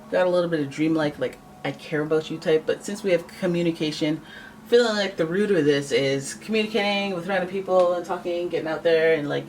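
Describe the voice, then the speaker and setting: Casual tarot reading, jokey, thinks out loud, mid-pitched voice, a bit off-mic, faint hiss behind. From Canada. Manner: chatty, joking, thinks aloud and corrects itself. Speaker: tarot reader. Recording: voice a little far from the mic, faint background noise.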